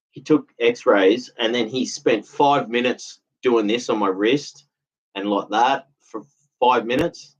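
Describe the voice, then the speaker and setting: A man's voice: on the low side, takes it slowly. A man, talking in a rambling, aggrieved monologue that circles back and repeats itself. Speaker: vlogger. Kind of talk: casual monologue. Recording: dull lo-fi audio.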